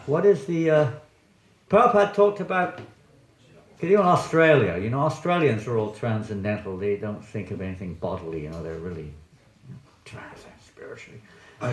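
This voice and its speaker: Man, swami giving a class in a temple hall, lively up-and-down delivery, keeps quizzing the audience. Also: on the low side. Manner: chatty, joking, quizzes the audience. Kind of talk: sermon with audience questions. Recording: echoey hall.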